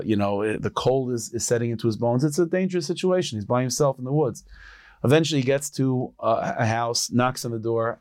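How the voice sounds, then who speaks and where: A man, a rabbi, telling a folk tale in a relaxed, conversational way, often restarting and repeating words. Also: medium pitch, no echo. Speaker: storyteller rabbi. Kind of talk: storytelling.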